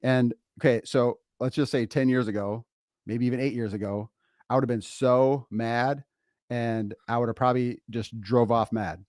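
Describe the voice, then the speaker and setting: A middle-aged man co-hosting a podcast, telling a story in a casual, animated way and laughing often, recorded on a close mic. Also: medium pitch, normal speed, dry recording. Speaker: podcast co-host, father.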